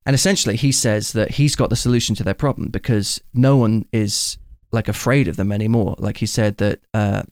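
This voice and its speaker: A man's voice: lowish voice, steady tone, a little fast, hardly any pauses, a little mellow, dry recording, studio quality. A man hosting a casual film chat, enthusiastically retelling scenes at length.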